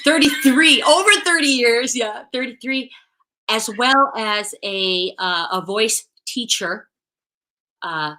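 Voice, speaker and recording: A woman hosting a video call interview, asking admiring questions in an unhurried, hesitant way. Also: on the high side, bright, forceful tone, poor audio. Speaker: interview host. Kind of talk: casual interview.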